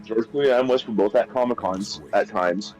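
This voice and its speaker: A man's voice: on the low side, fairly quick, a little mellow, faint music behind, rough recording. A man chatting casually during a gaming session, rambling and often repeating and restarting his sentences. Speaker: streamer chatting while gaming.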